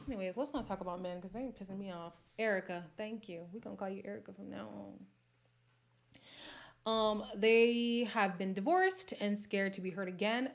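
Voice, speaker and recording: A woman hosting a casual livestream, reading viewer comments and talking frankly, her voice jumping from loud outbursts to soft near-whispers. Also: mid-range voice, normal speed, vocal fry. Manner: candid and sassy, swings between loud bursts and near-whispers. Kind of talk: casual chat.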